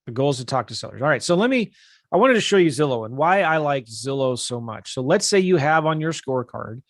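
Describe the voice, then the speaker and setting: A man's voice: medium pitch, fairly quick, no echo, studio quality. A man teaching real estate investing on a live webinar, talking casually and energetically while he shares his screen. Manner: casual, energetic, talks straight to viewers.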